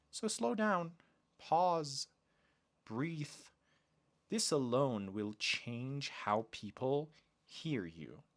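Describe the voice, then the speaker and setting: A man, teaching polite phrases in a podcast lesson. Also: mid-range voice. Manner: slow, deliberate delivery with lively emphasis on example phrases. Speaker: English teacher, podcast host.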